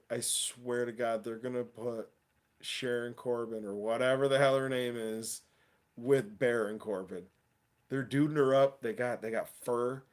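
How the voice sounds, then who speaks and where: A man hosting a casual wrestling livestream, talking excitedly in slangy chat and laughing often. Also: mid-range voice. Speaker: wrestling show host.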